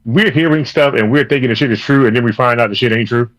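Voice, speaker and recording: A man's voice: mid-range voice, quick pace, poor audio. A man co-hosting a wrestling podcast, talking in a loose, profane, rambling way. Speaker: podcast co-host. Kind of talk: casual wrestling chat.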